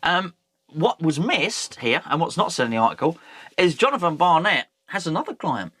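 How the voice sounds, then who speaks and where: Male fan-channel host, jokey rambling chat, slightly high voice. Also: big pitch swings, moderate pace, fairly bright tone, slightly rough, no echo. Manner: rambling, jokey, self-correcting. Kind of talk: casual football chat.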